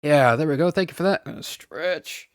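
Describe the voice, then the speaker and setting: A man chatting casually and playfully on a game stream, excitable and fond of silly sing-song bits. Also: on the high side, moderate pace, smooth, dry recording, clean studio sound.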